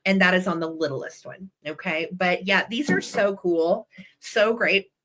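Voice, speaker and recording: A woman's voice: on the low side, unhurried, a bit bright, slight background noise, rough recording. A woman hosting a live online vintage sale, chatty and effusive as she shows each item and talks to her viewers. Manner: chatty and effusive, talking straight to the chat. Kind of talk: live online sales pitch.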